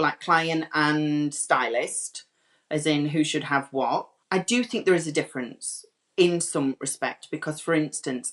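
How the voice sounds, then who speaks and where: A man's voice: on the high side, fairly bright tone. A British hairdresser chatting as a guest, rambling and filling his answers with ums and likes. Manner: chatty, rambling, many fillers. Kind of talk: casual interview chat.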